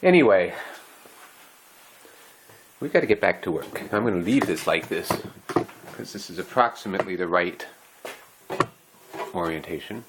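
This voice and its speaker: Deep, lively-voiced man musing aloud. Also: a little slow, long pauses, noisy background. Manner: rambling, thinking aloud with fillers. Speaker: vlogger. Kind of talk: casual musing vlog. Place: home.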